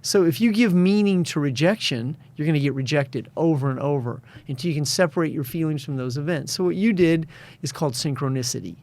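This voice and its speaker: A man's voice: fairly high pitch, brisk, a little mellow. A man being interviewed as a success and addiction coach, telling stories with confidence and acting out the voices of people he quotes. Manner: storytelling, acts out quoted voices. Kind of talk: interview conversation.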